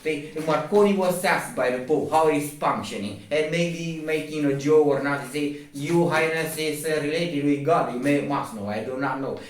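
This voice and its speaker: A man with Romanian as his first language, explaining things in a halting, rambling way, with many restarts. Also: a little high, far from the mic. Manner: halting, many restarts, non-native phrasing. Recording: very echoey room, from afar.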